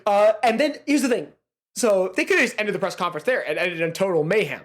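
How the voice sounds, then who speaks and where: A young adult host recapping a wrestling event in excited casual chat, swearing freely. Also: mid-range voice. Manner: rapid, animated, swearing freely. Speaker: podcast host.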